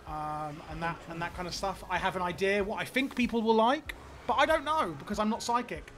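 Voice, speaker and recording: A man live-streaming a game, chatting casually with viewers in an excitable, rambling way, often stammering and repeating words. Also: high-pitched, moderate pace, a little hiss or hum.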